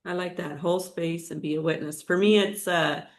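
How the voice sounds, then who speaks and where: A woman's voice: lowish voice, steady tone, normal speed. A woman co-hosting a podcast, answering in a thoughtful, casual way with short agreeing replies. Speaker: podcast co-host.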